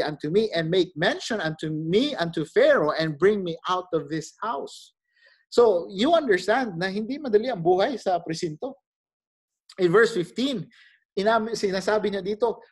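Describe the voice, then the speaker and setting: A man's voice: sits high, husky. A man with a Filipino accent teaching a Bible study, switching between English and Tagalog in an earnest, exhorting way.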